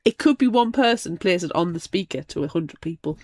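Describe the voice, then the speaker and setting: A woman co-hosting a casual book podcast, playful, recapping the plot and reacting with quick interjections. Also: fairly low pitch, expressive, darkish tone. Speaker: podcast co-host.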